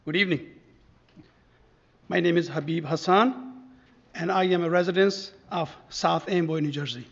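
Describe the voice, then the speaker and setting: A man's voice: fairly high pitch, normal speed, pauses often. A middle-aged man with a Pakistani accent making a formal, pleading public comment at a council meeting. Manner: formal, broken phrasing, pleading. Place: council chamber. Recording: dull, muffled meeting audio.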